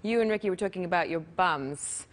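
A woman's voice: lowish voice, a little fast. A woman in her thirties, a guest on a late-night talk show, telling a story with lots of giggles.

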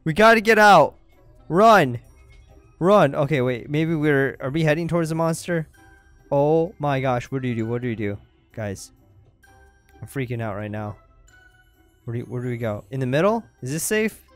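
A young man giving excitable let's-play commentary, breaking into panicky shouts and yelps as he plays. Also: medium pitch, normal speed, pauses often, soft background music. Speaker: gaming YouTuber.

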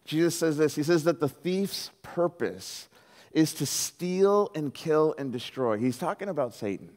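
Casting: male pastor with a slightly high voice, lively storytelling sermon, long hall reverb. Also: unhurried. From Southern California. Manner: animated storyteller, acts out quoted voices, many "like"s.

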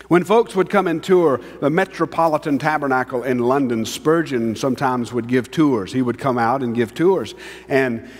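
A man preaching from a church pulpit, his voice sitting at an ordinary middle pitch. He swings between hushed, stretched-out words and raised, insistent declarations. A long reverb from the large sanctuary trails after every phrase. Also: moderate pace. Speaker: pastor. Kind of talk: sermon.

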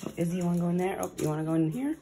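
A woman's voice: lowish voice, animated, racing, background noise. A woman vlogging casually, chatting and coaxing her dogs at home and then out on a walk. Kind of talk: casual vlog chat.

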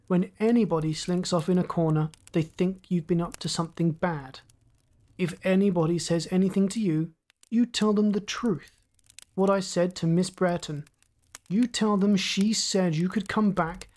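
A woman narrator voicing a blunt, indignant middle-aged father who talks gruffly and emphatically. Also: fairly low pitch, a little mellow, lightly acted.

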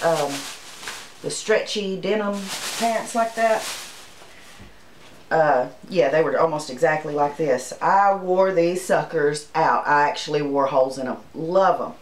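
A woman's voice: lowish voice, unhurried, roomy sound, a little hiss or hum, rough recording. A woman, from Arkansas, chatting casually and homily as she shows her shopping haul to the camera. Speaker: channel host.

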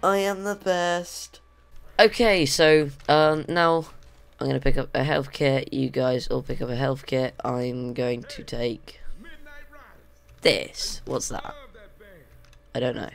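A man narrating a let's play, excitable and panicky, with self-mocking jokes, on a desk condenser mic at home. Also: mid-range voice, takes it slowly, vocal fry, no echo. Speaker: gaming video host.

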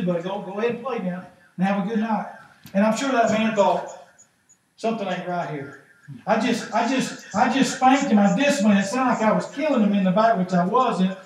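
A middle-aged man, preaching a sermon as pastor in a folksy, animated way, acting out the voices he quotes. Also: sits high. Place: church sanctuary. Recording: echoey church from far off, faint noise.

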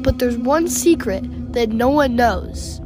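A woman's voice: on the high side, animated, slow, over music. A woman narrating a mock-serious story in a dramatic, conspiratorial way.

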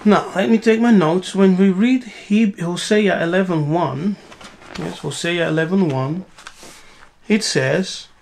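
A woman's voice: on the low side, slow, vocal fry, a little mellow. A woman giving a spiritual teaching, asking rhetorical questions and answering them herself with emphatic repetition.

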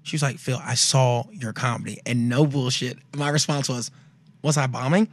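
Fast-talking animated male storyteller. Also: medium pitch, dry recording. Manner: animated storyteller, acts out family dialogue with swearing. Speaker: comedian guest. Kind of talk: casual podcast chat. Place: podcast studio.

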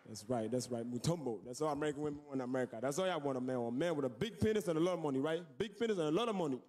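A man performing a loud, profane stand-up comedy set on a club stage. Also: a little high, expressive, rapid-fire. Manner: loud, profane, shouting punchlines.

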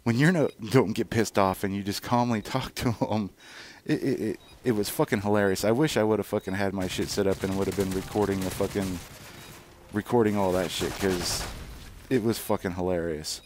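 Commenting casually over gameplay footage, this gaming channel host has a low, darkish voice with fairly even intonation and a slightly fast pace, with slight background noise. He rambles, swears freely, and fills his speech with fillers and restarts.

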